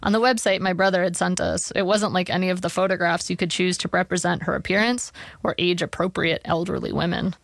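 A woman's voice: lowish voice, steady tone, a little fast, gravelly, no echo. A woman narrating a personal essay in a wry, dry storytelling manner. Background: soft guitar music.

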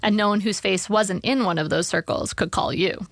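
A woman's voice: medium pitch, moderate pace, no echo. A woman narrating a personal essay in a wry, dry storytelling manner. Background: soft guitar music.

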